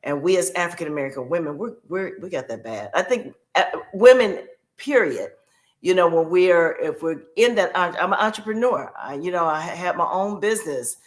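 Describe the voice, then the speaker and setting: A woman's voice: lowish voice, expressive, normal speed. A woman guest on a podcast, telling a personal caregiving story in a heartfelt way and repeating key phrases for emphasis.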